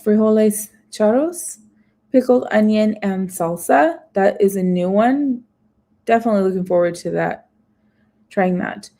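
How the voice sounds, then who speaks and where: A woman chats her way through a festival food menu on a live stream. She reads items aloud and breaks off for little asides. Her voice is mellow and warm. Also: medium pitch, creaky. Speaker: food vlogger.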